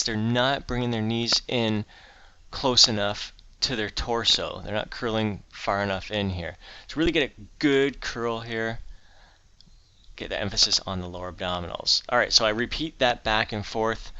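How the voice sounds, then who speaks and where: A man's voice: lowish voice, pushed and bright, smooth, no echo, dull audio. A middle-aged man vlogging his day and explaining exercises in a casual, upbeat way, with frequent fillers. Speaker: fitness vlogger. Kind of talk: casual vlog and exercise instruction. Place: home office, then a gym.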